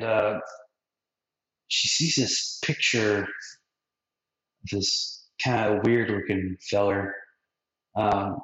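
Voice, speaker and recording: A low-voiced man loosely recapping an episode in slangy, rambling talk. The sound is echoey and muffled, like a lo-fi podcast in a bare room. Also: a bit bright. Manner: rambling and slangy, acts out quotes. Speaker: podcast host recapping an anime. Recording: roomy, dull lo-fi podcast audio.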